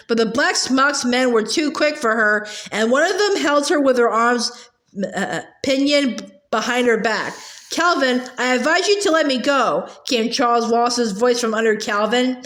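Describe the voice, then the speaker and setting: A woman's voice: sits high, a bit bright, roomy sound. A woman reading a novel aloud, stumbling and restarting now and then and raising her voice for the characters' lines. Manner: reads with small slips and restarts, lifting her voice for dialogue. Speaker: reader.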